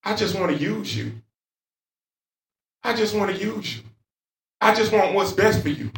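A preacher voicing God, gently scolding. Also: male voice, very high voice, animated, moderate pace, vocal fry, pitched above the performer's own voice, full character voice. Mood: pleading. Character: God, gently reproving a sulking man. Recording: roomy hall from far off.

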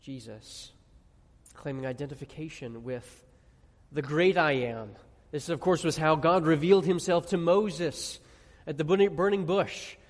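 A man's voice: a little high, a little slow. Emphatic preacher man, echoing hall. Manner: emphatic, asks the audience questions, drops to quiet on key words. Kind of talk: sermon. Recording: long reverb of a large hall.

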